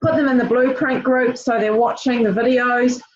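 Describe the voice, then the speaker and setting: A woman's voice: a little high, fairly even intonation, normal speed, dull audio. A woman leading her team on a group call, coaching them directly and encouragingly with lots of fillers and restarts. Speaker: team leader.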